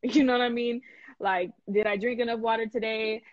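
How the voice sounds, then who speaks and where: A woman hosting a live stream in casual chat, animated and emphatic, laughing often and full of slang. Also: on the high side, fairly quick, no room sound, dull audio. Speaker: host.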